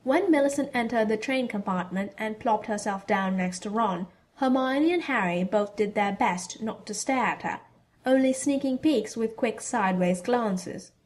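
A woman narrating a fan fiction story in a steady storytelling delivery. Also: a little high, normal speed.

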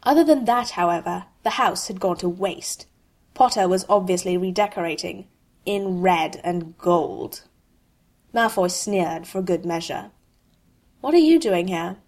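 A woman reading a humorous fan fiction story aloud in an expressive, wry way. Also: on the low side, a little slow. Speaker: narrator.

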